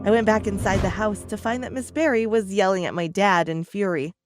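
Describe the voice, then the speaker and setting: A woman narrating an animated story in a lively, chatty first-person style. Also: medium pitch, brisk. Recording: background music under the voice.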